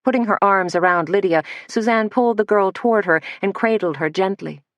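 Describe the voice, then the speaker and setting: A woman narrating a mystery audiobook in a steady, measured manner on a close studio mic. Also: mid-range voice, no echo, lo-fi sound. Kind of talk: scripted narration.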